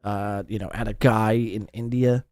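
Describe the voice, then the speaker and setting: A man's voice: on the low side, fairly even intonation, normal speed, a little mellow, no room sound, studio quality. A man hosting a podcast, ranting with profane, incredulous reaction commentary. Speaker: podcast host.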